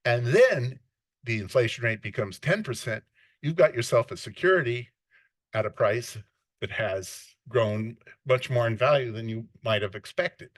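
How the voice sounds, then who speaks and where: A man's voice: medium pitch, normal speed, dry recording. A man giving an unscripted classroom lecture on finance, often restarting and correcting himself mid-sentence.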